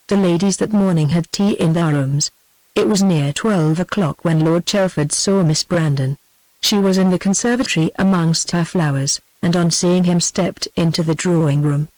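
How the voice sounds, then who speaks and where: A synthetic text-to-speech woman's voice with a British English accent, narrating a classic novel in an even, machine-read way. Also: fairly low pitch, normal speed, no echo, poor audio. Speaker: audiobook narrator.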